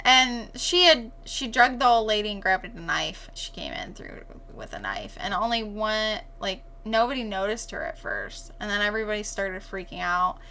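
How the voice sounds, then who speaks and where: Lively, bright-voiced woman. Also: mid-range voice, moderate pace, hardly any pauses. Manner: animated, swears, acts out quotes. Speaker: podcast co-host. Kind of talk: casual chat.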